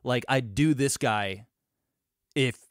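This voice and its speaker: A man's voice: mid-range voice, takes it slowly, dry recording, studio quality. A man co-hosting a podcast in casual crude banter, hesitant and stumbling, often repeating his words. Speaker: podcast co-host.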